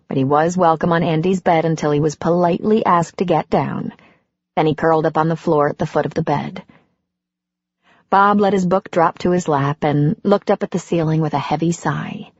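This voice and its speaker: Husky-voiced woman narrating calmly. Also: deep voice, no echo, dull audio. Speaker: audiobook narrator. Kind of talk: scripted narration.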